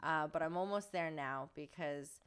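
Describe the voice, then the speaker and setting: A woman's voice: low-pitched, moderate pace, smooth. A woman hosting a podcast in casual chat, gushing and talkative, laughing often in a studio. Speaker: podcast host.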